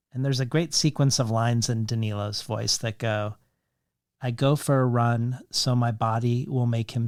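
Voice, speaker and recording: A man hosting a literary podcast interview, speaking in measured, long questions that weave in quoted lines and figures. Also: medium pitch, creaky, darkish tone, dry recording, clean studio sound. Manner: measured, reads quotations and statistics in long questions. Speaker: podcast host.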